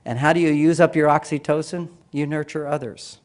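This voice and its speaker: A man's voice: fairly even intonation, brisk. A man giving a lecture-style talk, speaking emphatically with repeated phrases and acting out quoted voices. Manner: acts out quoted voices with raised pitch and emphasis.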